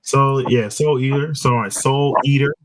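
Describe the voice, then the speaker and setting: A man's voice: mid-range voice, normal speed, low-quality recording. A man hosting a casual chat show, emphatic and opinionated, repeating his points for stress. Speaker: show host.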